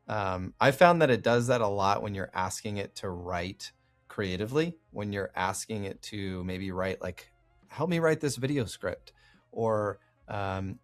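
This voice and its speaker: A man co-hosting a casual chat, animated and mocking stock AI phrasing with exaggerated groans. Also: on the low side. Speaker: podcast co-host.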